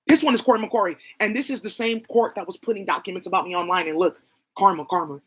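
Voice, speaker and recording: A woman with a husky, mid-range voice speaks quickly in a rambling, profane monologue. She jumps from one name to the next and from claim to claim.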